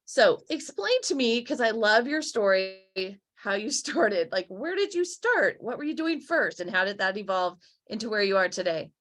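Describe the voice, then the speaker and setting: A woman's voice: medium pitch, big pitch swings, normal speed, fairly bright tone. A woman hosting a podcast interview, chatty, teasing and upbeat as she thanks listeners and welcomes her guest. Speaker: podcast host. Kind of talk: casual interview chat.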